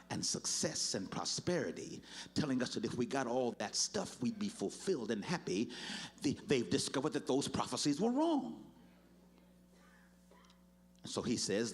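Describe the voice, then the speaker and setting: A man preaching a sermon as pastor, building from measured teaching to loud, shouted appeals and repeating words for emphasis. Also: medium pitch. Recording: live church sermon.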